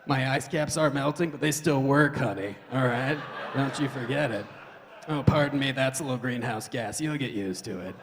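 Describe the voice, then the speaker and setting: A man's voice: mid-range voice, normal speed, noisy background, voice pushed down, natural voice. A man voicing Mother Earth as a worn-out single mother on a date, brassy and full of excuses, in a live hall.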